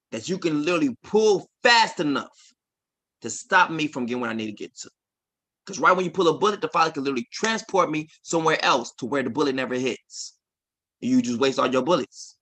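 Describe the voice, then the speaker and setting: A man in his forties preaching on a livestream, swinging between quiet asides and loud emphatic declarations with a repetitive, insistent cadence. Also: medium pitch. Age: 40s.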